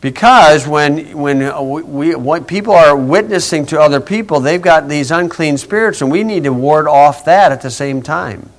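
Brief: male pastor, relaxed folksy Bible teaching, chuckles, rambling asides. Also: on the high side, normal speed, hardly any pauses.

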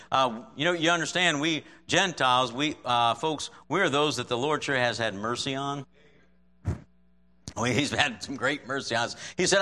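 A man's voice: a little high, pushed and bright. A man preaching a sermon and reading scripture aloud, talking conversationally and checking in with his listeners. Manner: conversational, checks in with frequent "right?"; chuckles often while preaching.

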